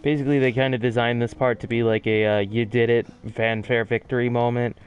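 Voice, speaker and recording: A man's voice: medium pitch, flat delivery, fairly quick, clear, resonant tone, highs cut off. Chatty speedrunner man commentating. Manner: chatty, self-deprecating, frequent restarts. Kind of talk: casual gameplay commentary.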